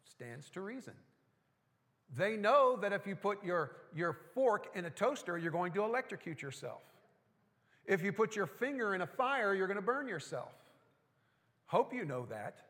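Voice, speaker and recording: A male pastor preaching a sermon in a church, folksy and animated, with joking asides. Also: high voice, normal speed. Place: church sanctuary. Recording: long hall reverb.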